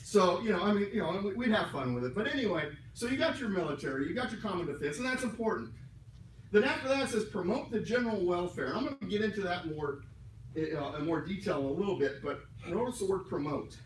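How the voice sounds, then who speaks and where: A man's voice: sits high, expressive, fast, distant mic, slight background noise. A man teaching a class in a classroom, talking conversationally with joking asides and explaining things word by word. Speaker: class instructor. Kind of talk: classroom lecture. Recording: echoey room miked from afar.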